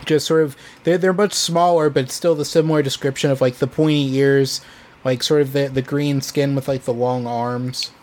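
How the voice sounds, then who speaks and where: Male podcast co-host, mid-pitched voice, talks in halting stretches full of fillers. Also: fairly even intonation, a little mellow. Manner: hesitant, filler-heavy, restarts often. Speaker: podcast co-host presenting the story. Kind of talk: casual chat.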